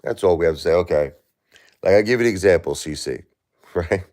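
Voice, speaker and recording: A man's voice: deep voice, expressive, quick pace, darkish tone. A man in his forties, a livestream host, talking heatedly and repetitively in an emotional chat with a viewer.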